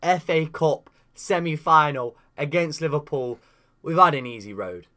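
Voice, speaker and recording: A young man commentating his own football video game career with lively, animated energy and sudden shouts. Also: a little high, unhurried. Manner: animated, shouts at big chances. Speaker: gaming YouTuber. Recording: faint guitar music behind.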